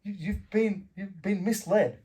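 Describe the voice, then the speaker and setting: A man's voice: high voice, unhurried, mellow. Swearing australian man telling bouncer stories. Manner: swears freely, acts out quarrels in anecdotes. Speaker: guest, former fighter and bouncer. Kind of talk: casual storytelling interview.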